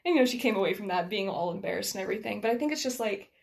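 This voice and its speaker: An American woman whose accent carries a slight Scottish lilt, talking quickly in a casual conversation with many restarts and laughs. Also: mid-range voice, lively intonation, creaky. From United States. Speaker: guest.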